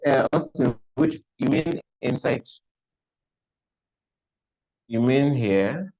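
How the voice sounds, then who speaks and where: A man's voice: medium pitch, wildly swooping pitch, drawn-out words, gravelly, dark tone. A man teaching a live coding class online, thinking aloud as he works and often repeating himself. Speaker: coding instructor. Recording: dull lo-fi audio.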